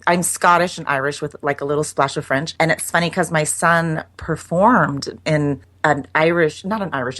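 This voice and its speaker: A woman's voice: low voice, a bit bright. A middle-aged woman guest chatting in an interview, talking in a loose, self-deprecating way with frequent restarts. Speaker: guest, copywriter. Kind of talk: casual interview chat.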